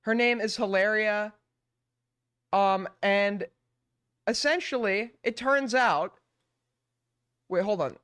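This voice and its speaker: A man's voice: high voice, slow pace, pauses often, a bit bright, clean tone, dry recording. A man ranting through a live stream commentary, exasperated and full of swearing.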